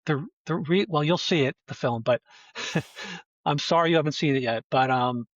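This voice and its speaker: A man talking as a guest in a casual conversation, halting and restarting often, heard on dull lo-fi audio. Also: fairly high pitch, dry recording. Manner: halting, many restarts and fillers. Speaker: filmmaker guest.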